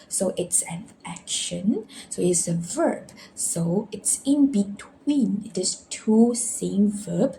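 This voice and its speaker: A woman's voice: medium pitch, gravelly, mellow, a little hiss or hum, low-quality recording. A woman teaching Chinese pronunciation, patiently saying each word twice and leading read-along drills.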